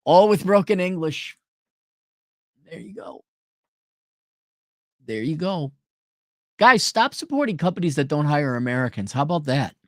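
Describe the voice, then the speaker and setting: A man's voice: fairly high pitch, lively intonation, normal speed, fairly bright tone, no echo, clean studio sound. A man ranting sarcastically and with exasperation as he reads out and mocks a viewer's letter in a commentary video. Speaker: commentary vlogger.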